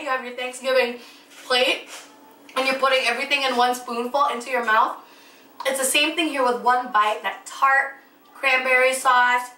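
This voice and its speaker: A woman's voice: sits high, bright, forceful tone. A woman hosting a home cooking show, talking casually and enthusiastically as she tastes her dishes. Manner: enthusiastic, tasting food as she talks. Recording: echoey kitchen, mic at a distance.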